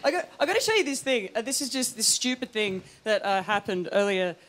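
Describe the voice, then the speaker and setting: A woman's voice: fairly high pitch, big pitch swings, fairly quick. A woman comedian doing a stand-up set on a studio stage, giggling and laughing through her lines in a self-mocking way. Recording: loud live audience laughter and noise.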